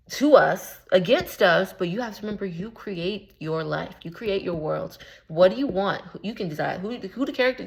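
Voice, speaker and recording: A woman spiritual coach talking casually in a vlog, slangy and rambling, with lots of filler words and amused at her own jokes. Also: lowish voice. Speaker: spiritual coach and womb healer. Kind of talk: casual motivational vlog talk.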